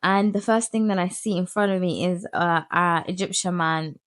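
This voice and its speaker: A woman in her thirties, bluntly retelling her own story in a storytime vlog, swearing freely and animated. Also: lowish voice, normal speed, no room sound. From United Kingdom. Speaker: vlogger.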